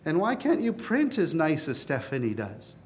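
A man preaching a sermon as pastor, earnest, swelling to emphatic peaks and then dropping to a softer, confiding tone. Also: fairly high pitch, huge pitch swings, moderate pace, big-room sound, a little hiss or hum.

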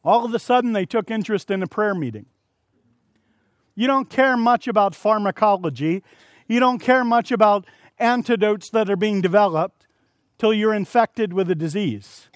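A man delivers a sermon with a strikingly high-pitched voice. He tells stories and slips into acted-out quotes, sometimes shouting. The sound is dry and close. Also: moderate pace, no room sound. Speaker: preacher.

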